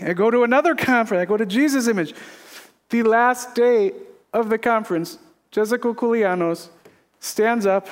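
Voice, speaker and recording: A middle-aged pastor preaching a confessional sermon from a church stage. His voice sits high for a man, and he talks in an earnest, emphatic way. Long reverb fills the sanctuary around him. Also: a little fast. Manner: earnest, emphatic, laughs at himself. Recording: echoey hall reverb.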